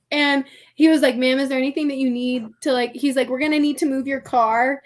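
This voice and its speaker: A woman with a high, light voice tells a story on a podcast, chatty and animated. She laughs often, keeps saying "like" and switches into little voices for the people she quotes. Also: a little fast. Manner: chatty, heavy use of "like" and "I'm like". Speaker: podcast guest. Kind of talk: storytelling in casual conversation.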